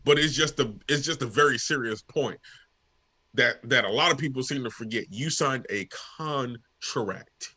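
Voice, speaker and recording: Bright, sharp-edged male co-host; slangy, earnest, stops and restarts sentences; casual sports debate on a live stream. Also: mid-range voice, normal speed, husky.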